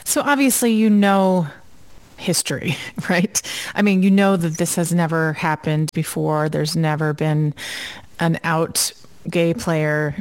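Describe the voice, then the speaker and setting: Curious woman interviewer, slightly low voice. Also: takes it slowly. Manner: curious, probing, lively reactions. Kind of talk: conversational interview.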